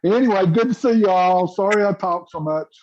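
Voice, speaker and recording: A man's voice: sits high, normal speed, a little mellow, no room sound. Chatty man on a dull video call. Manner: chatty storyteller, laughs often. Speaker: former cast member. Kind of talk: casual reminiscing on a video call. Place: home, mountain town.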